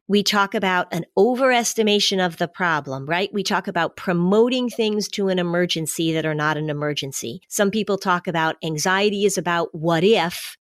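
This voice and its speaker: Middle-aged woman explaining calm advice. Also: on the low side, dry recording, studio quality. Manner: steady, explanatory, advice-giving. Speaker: podcast co-host giving parenting advice on anxiety. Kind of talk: casual podcast conversation.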